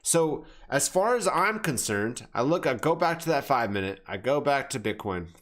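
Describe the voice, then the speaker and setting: A man's voice: medium pitch, big pitch swings, normal speed, a bit bright. A man with an ordinary mid-range voice riffs on crypto charts in a brash, unscripted way. He talks bluntly, swears freely and keeps addressing his viewers as fam. He often stops and corrects himself partway through a sentence. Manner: self-correcting, restarts phrases. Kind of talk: casual market commentary over charts.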